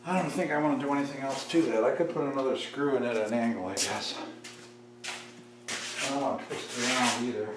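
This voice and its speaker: A man's voice: mid-range voice, brisk. Man, DIY host, casual, mutters while working; recorded off-mic in a roomy shop with noise behind. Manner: muttering to himself as he builds. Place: workshop, indoors. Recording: echoey workshop, far mic, tool noise.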